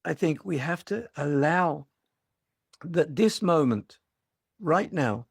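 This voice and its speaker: Gravelly older man giving a dharma talk. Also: fairly high pitch, expressive, slow, dry recording, studio quality. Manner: reflective, storytelling, gently humorous. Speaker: meditation teacher.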